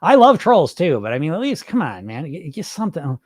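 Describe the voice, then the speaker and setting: A little high yet darkish in tone, the hypnotist's voice swings widely in pitch and moves fairly quickly, recorded in clean studio sound with no room sound. During his live-stream podcast he answers chat comments bluntly and casually, swearing and firing off rhetorical questions.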